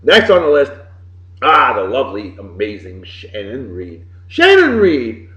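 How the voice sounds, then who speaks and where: A man, hosting casual birthday shout-outs in an exuberant voice that swings from loud bursts to mumbled asides. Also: mid-range voice, wildly swooping pitch, measured pace, a little hiss or hum. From Massachusetts. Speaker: podcast host. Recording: roomy, muffled lo-fi home recording.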